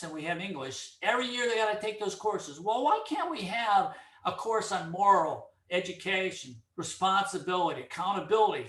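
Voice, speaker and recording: A middle-aged man holds forth in a casual monologue, his fairly high voice bright and forceful. He tells stories with lots of energy and acts out each exchange. The sound has an echoey, roomy ring. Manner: animated storyteller, acts out dialogue. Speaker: speaker giving commentary. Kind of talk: casual opinion monologue with anecdote.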